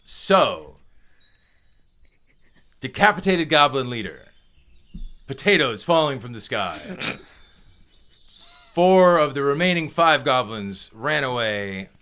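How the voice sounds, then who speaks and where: A man's voice: mid-range voice, very animated, takes it slowly, pauses often, pushed and bright. A man running a tabletop game as dungeon master, narrating in a laid-back, joking way.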